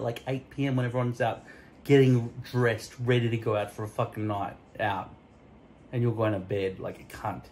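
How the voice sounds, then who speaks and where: A man's voice: medium pitch, steady tone, fairly quick, darkish tone, a little hiss or hum, poor audio. A man vlogging a rambling, profane rant full of tangents and mock-offensive jokes, filmed on a phone stuck to a mirror at home. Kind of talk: rambling solo rant to camera. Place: indoors at home, in front of a mirror. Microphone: phone camera stuck to a mirror.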